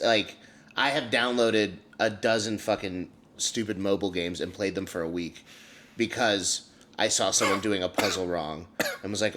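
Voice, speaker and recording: A man's voice: fairly low pitch, moderate pace, background noise. A young man co-hosting a casual comedy podcast, wry and teasing, often laughing. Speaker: podcast co-host. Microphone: desk mic with ring light.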